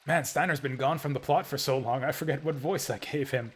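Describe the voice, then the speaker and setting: Dude streaming a game, chatty and wry, just thinking out loud. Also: male voice, medium pitch, fairly quick, few pauses, a little hiss or hum. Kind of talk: casual let's-play commentary.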